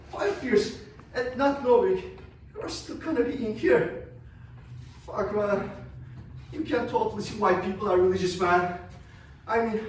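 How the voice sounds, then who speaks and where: A high-voiced, cocky young guy, as an actor plays him, rattled and swearing through a restless stage monologue. The sound is very echoey, and the mic sits some way off. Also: a little hiss or hum. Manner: profane, rambling, restless. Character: cocky, rattled young man ranting about family. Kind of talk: theatrical monologue. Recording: echoey room, mic far off.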